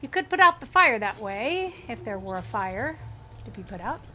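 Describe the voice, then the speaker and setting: A woman's voice: a little high, sing-song, moderate pace, bright, forceful tone, a little hiss or hum. An American woman streaming a video game, chatting casually and playfully, and laughing often. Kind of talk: casual gameplay commentary.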